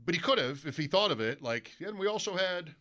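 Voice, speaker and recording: High-voiced and fast, a male sports radio host rattles through a long anecdote in laid-back studio talk. He's animated and keeps mimicking broadcaster calls.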